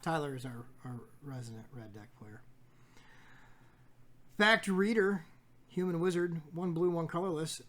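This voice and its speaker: A man's voice: on the high side, measured pace, long pauses, fairly bright tone. Jokey man reading cards aloud. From United States. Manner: reads card text aloud, jokey, stumbles over words. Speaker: card shop host opening packs. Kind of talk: casual pack-opening commentary.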